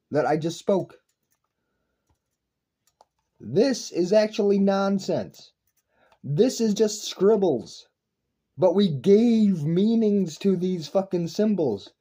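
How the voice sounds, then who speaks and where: Profane ranting man, dark husky voice. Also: high-pitched. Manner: intense, profane, repetitive, lecturing. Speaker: online video creator. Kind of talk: rambling philosophical rant to camera.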